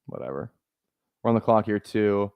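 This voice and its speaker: A man's voice: on the low side, lively intonation, moderate pace, clear, resonant tone, dry recording, muffled recording. A young man from Minnesota chatting casually on a live stream, rambling and joking with many restarts. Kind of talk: casual live-stream chat while drafting.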